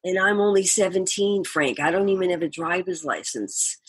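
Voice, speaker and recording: Older woman guest, husky and dry-miked, animated raconteur. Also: on the low side, moderate pace, no echo. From Boston area, USA. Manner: animated storyteller, laughs often, acts out quotes. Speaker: guest musician. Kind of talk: storytelling interview.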